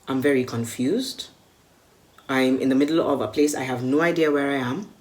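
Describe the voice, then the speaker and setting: A woman's voice: extremely low pitch, normal speed, a little mellow. A Kenyan woman recounting a personal story vividly and acting out the dialogue. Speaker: media personality recalling a con.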